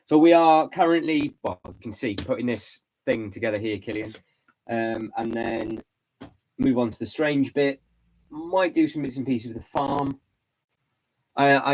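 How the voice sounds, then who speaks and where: A man hosting a casual live stream, hoarse and stuffy from hay fever and a lost voice, rambling and repeating his words as he answers chat. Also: mid-range voice, low-quality recording. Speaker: vlog host doing a live stream.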